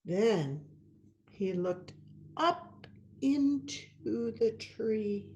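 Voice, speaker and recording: An actress and teaching artist leads a theatrical children's storytime in a fairly high voice, speaking very slowly with long pauses over slight background noise. She's animated and talks straight to her young listeners, sometimes dropping to a whisper.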